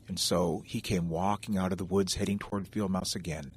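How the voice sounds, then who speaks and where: A man telling a traditional animal tale in a gentle, conversational way, speaking straight to his listeners. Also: deep voice, brisk, few pauses, husky. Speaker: storyteller. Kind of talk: oral folk storytelling.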